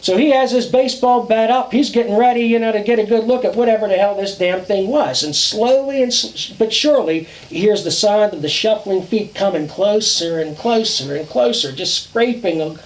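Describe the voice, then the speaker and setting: A man casually telling a ghost story outdoors at a campfire, dramatic and drawn-out, with swearing. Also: high-pitched, echoey room, poor audio.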